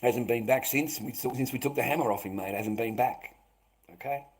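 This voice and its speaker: A man hosting a live stream, rambling and swearing, who swings between loud outbursts and low muttering. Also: normal speed, rough recording. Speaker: livestream host.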